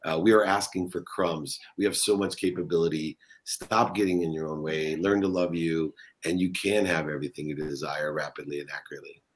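Very deep-voiced motivational man. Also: steady tone, brisk, few pauses. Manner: earnest, motivational, emphatic. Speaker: interview guest. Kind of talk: motivational conversation.

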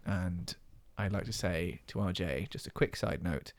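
A man's voice: deep voice, measured pace, a little hiss or hum. A man hosting a casual comedy podcast who talks hesitantly, with many ums. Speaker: podcast host.

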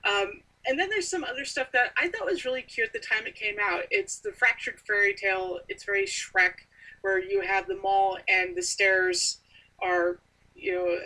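A woman in casual chat about a book, thoughtful and measured, with frequent "you know". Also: medium pitch, sharp tone, recorded from a distance, poor audio. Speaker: book discussion co-host.

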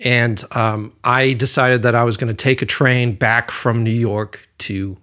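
A man co-hosting a podcast, telling a personal story in a loose, animated way and swearing freely. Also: mid-range voice, a little slow. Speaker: podcast co-host. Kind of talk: casual storytelling chat.

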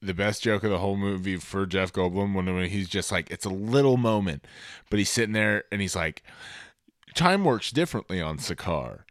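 A man with a low, smooth, resonant voice chats about a movie on a podcast. He is excitable and rambling, swears freely, and sounds close and dry. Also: a little fast, no room sound. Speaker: podcast co-host. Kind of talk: casual movie-review chat.

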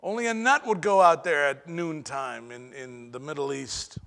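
Male pastor, sermon, bright, dramatic pauses, long hall reverb. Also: on the high side, gravelly. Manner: preaching with dramatic pauses and shifts in loudness.

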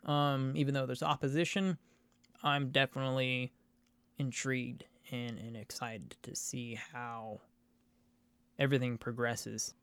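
A man with a gravelly, fry-tinged voice that stays smooth and resonant. He speaks thoughtfully and haltingly in casual chat. The sound is dry and close. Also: medium pitch, flat delivery, a bit bright, dry recording. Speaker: podcast co-host.

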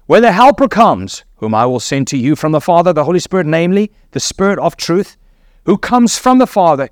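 A man delivers a sermon in a fairly high voice, teaching earnestly and posing rhetorical questions to his listeners. The sound is dry and close, with no room echo. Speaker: preacher.

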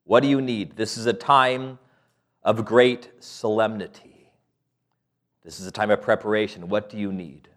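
A man delivers a sermon in a relaxed, chatty manner. His voice sits a little low, and he keeps it light with quick jokes and questions to the congregation. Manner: conversational, playful, with laughs and rhetorical questions. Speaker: preacher.

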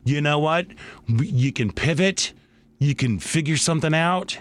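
A man's voice: on the high side, unhurried. A man co-hosting a radio talk show in casual holiday chat, playful and theatrical, laughing easily, recorded in a radio studio.

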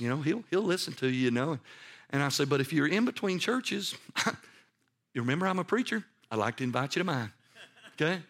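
A man preaching a sermon as pastor, moving between quiet, hushed passages and loud, emphatic ones, with conversational asides and repeated words. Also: on the high side, animated, a little fast.

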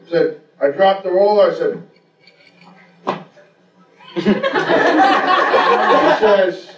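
A man's voice: high voice, expressive, a little slow, long pauses, dull audio. A man telling a rambling, profane, self-mocking story to a live audience. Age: adult. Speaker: storyteller on stage. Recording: roomy live venue, distant mic, audience laughter. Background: audience laughter.

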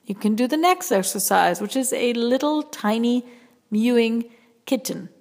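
A woman vocal coach hosting a podcast, teaching slowly and gently and demonstrating vocal sounds. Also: a little high, animated, long reverb tail. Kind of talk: voice lesson with sung demonstrations.

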